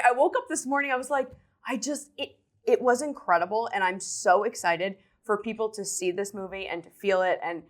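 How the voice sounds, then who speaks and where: A woman with a New Jersey accent hosting a casual interview, eager and quick, laughing often. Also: medium pitch. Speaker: interview host.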